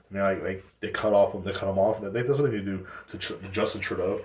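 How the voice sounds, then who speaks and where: Man, low-pitched, swearing rant podcast host, roomy sound, set back from the mic. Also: fast, few pauses, far from the mic. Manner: profane, rambling, frequent restarts and fillers. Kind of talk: casual solo podcast rant. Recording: echoey room, off-mic.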